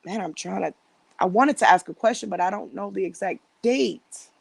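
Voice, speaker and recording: A woman's voice: mid-range voice, normal speed, vocal fry, husky, dry recording. A woman hosting a casual live stream from home on her phone, rambling and chatting directly with her viewers. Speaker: livestream host.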